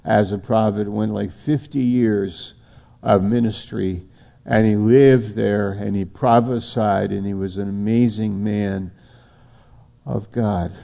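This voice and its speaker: A man's voice: on the low side, steady tone, takes it slowly, creaky, warm tone. A man preaching an informal sermon, rambling and conversational. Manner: rambling, conversational, acts out little dialogues.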